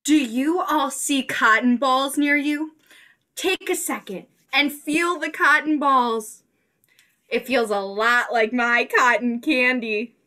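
A cheerful cotton-candy-loving sister, as a woman plays her, with a high, bright, crisp voice. She speaks slowly and coaxingly, drawing the children out with question after question. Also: full character voice. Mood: friendly. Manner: slow, coaxing, asks the kids questions. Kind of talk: interactive children's musical.

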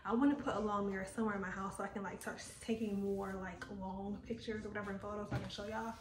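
A woman's voice: mid-range voice, little pitch movement, quick pace, low-quality recording. A woman in her thirties chatting casually to her viewers in a rambling vlog. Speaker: lifestyle vlogger.

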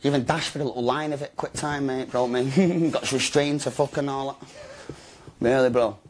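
A man recounts his story in an interview, sitting at an ordinary middle pitch. He talks fast and loose, in slang and swearwords, with mate and bro scattered through every line. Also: fairly even intonation, slight background noise.

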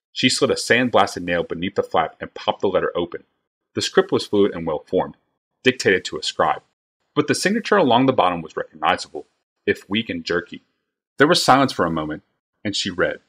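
A man reads a fantasy novel aloud in a steady, measured way. His voice sits low and deep, with a husky, slightly breathy grain. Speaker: reader.

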